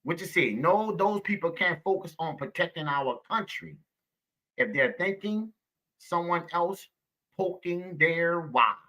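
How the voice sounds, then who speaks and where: Male live-stream host, preachy and repetitive, swooping animated delivery. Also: on the high side, measured pace. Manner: preachy, repeats himself, calls viewers baby. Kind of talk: live-stream commentary talking to viewers.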